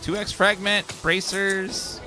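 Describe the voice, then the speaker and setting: A man's voice: high-pitched, level tone, slow pace. A man streaming a video game live, casually thinking aloud and reading out the gear he finds. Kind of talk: casual live gameplay commentary. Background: game music.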